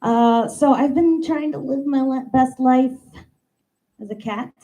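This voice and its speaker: A woman in her thirties performing a stand-up comedy monologue, animated and playful, acting out the voices in her stories. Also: sits high, measured pace, lo-fi sound. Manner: animated, acts out quoted voices, playful asides. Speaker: comedian doing a stand-up bit.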